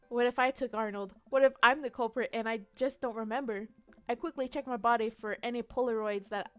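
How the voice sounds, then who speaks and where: Playful young woman streamer, bright clear voice. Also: on the high side. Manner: playful, quick to laugh, reads out story text. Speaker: streamer playing a detective role-play game. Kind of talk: casual live-stream narration and role-play.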